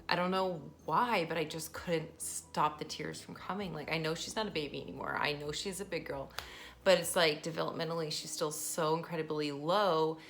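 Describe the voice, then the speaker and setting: Woman, 30s, vlogger; lower-pitched, chatty, laughs a lot while telling a personal story. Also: vocal fry, a bit bright. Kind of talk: casual personal vlog.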